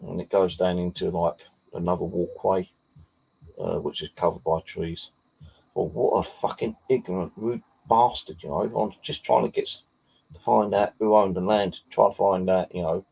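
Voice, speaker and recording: A paranormal vlogger from Bexley in southeast London tells a casual, rambling anecdote full of fillers and heavy swearing. His voice is deep, gravelly, and husky with a dark tone, and he keeps a steady tone at a moderate pace.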